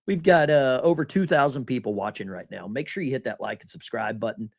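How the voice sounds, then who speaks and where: A man's voice: mid-range voice, a little fast, gravelly, no echo, clean studio sound. A man hosting a live stream, giving mocking commentary on the news and talking straight to his chat.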